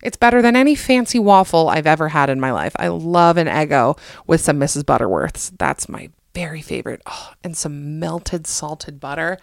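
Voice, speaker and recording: A woman's voice: low voice, lively intonation, normal speed, gravelly, hardly any pauses, dry recording, clean studio sound. A young adult woman from the United States hosting a podcast, chatting casually with jokey, self-deprecating asides. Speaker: podcast host. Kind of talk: casual comedic monologue.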